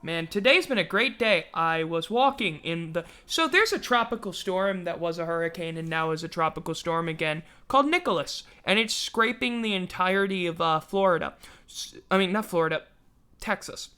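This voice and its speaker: A man's voice: high voice, lively intonation, moderate pace, bright, forceful tone, clear, resonant tone. A man hosting a casual sports livestream, rambling and self-mocking, yawning now and then as he talks. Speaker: podcast host.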